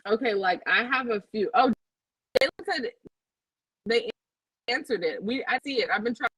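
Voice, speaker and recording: Young woman co-host, lively storyteller, slightly husky, dry close sound. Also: normal speed, no room sound, rough recording. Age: young adult. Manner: animated, jumps high to act out quotes. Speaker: podcast co-host. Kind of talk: casual storytelling chat.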